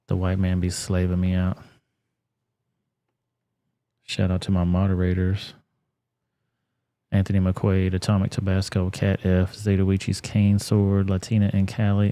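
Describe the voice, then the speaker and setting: Deep flat-voiced male streamer. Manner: blunt, profane, laid-back. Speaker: live-stream host. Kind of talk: casual live-stream commentary.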